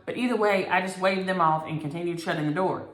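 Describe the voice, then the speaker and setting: A woman hosting a needlework vlog, telling a story in an animated, exasperated way. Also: fairly low pitch, fast. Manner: animated, exasperated storytelling with Southern turns of phrase. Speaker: flosstube host. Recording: echoey room.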